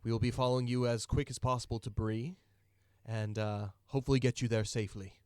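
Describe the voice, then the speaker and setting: A man as a steady, reassuring swordsman. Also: mid-range voice, a little fast, clean tone, no room sound, studio quality, close to an everyday voice.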